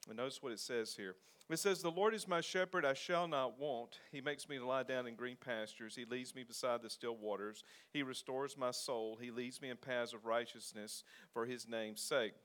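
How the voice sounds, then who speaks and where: Smooth-voiced pastor preaching conversationally. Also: male voice, mid-range voice, a bit bright. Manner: conversational preaching with fillers, reading scripture aloud. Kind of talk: sermon.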